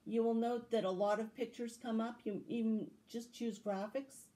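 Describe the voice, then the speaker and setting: In a roughly recorded clip, a library storyteller speaks to children in a fairly high, sing-song voice. She reads a fairy tale slowly and expressively, adding tips along the way.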